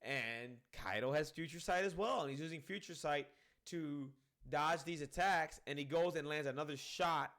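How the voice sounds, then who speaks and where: A man giving a casual spoken review of a comic chapter, rambling and animated, swearing freely and filling gaps with "um" and "you know what I mean". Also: a little high, normal speed. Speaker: manga reviewer.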